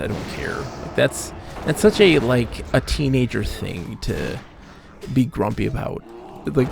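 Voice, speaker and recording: A man streaming a game, rambling and poking fun at himself in lively, up-and-down speech. His voice has a gravelly edge, with a faint hiss behind it. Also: medium pitch. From Michigan, USA. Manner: rambling, animated, self-deprecating. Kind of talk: casual livestream chat while gaming.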